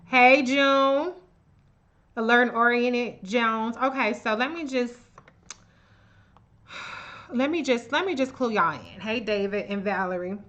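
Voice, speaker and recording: A woman's voice: on the high side, slow, long pauses, a bit bright, dull audio. A woman hosting a live stream, greeting viewers by name and ranting with heavy profanity and open contempt. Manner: profane, fiery and contemptuous rant. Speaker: livestream host. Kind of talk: live political commentary.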